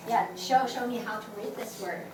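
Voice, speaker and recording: A woman's voice: fairly high pitch, moderate pace. A woman teaching a language class, patient and full of restarts, singing tones for students to repeat. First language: Mandarin Chinese. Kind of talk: classroom teaching, call and response. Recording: echoey classroom from far off, noisy.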